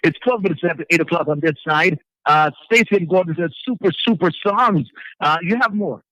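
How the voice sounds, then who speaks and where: A man hosting a gospel radio show, talking to listeners in a relaxed, conversational way. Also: fairly high pitch, brisk, no echo, highs cut off. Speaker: radio host.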